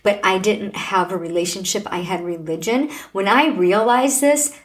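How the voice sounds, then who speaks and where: Speaking at medium pitch and normal speed, a middle-aged podcast host gives a personal testimony of faith. Her delivery is heartfelt and earnest, with the cadence of preaching.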